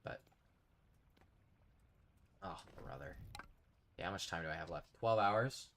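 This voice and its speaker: A man's voice: sits low, expressive, measured pace, fairly bright tone, slight background noise. A man chatting casually while live-streaming a game, rambling and reading out his chat. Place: home streaming setup.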